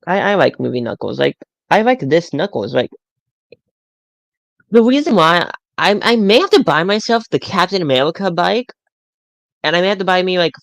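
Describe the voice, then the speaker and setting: A man rambles through a casual live stream about toys, tripping over his words and repeating himself. His voice has a gravelly fry to it. The sound is dry and close, with no room echo. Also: fairly high pitch, fairly bright tone. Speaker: toy collector streamer.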